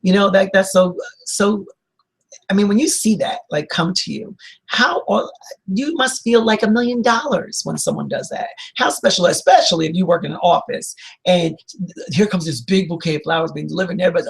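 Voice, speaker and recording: A man speaks as a counselor in an informal motivational talk. His voice is husky, with a gravelly edge. He sounds earnest and upbeat, and he rambles with fillers and restarts. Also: high voice, brisk, rough recording. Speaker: licensed counselor giving motivational advice.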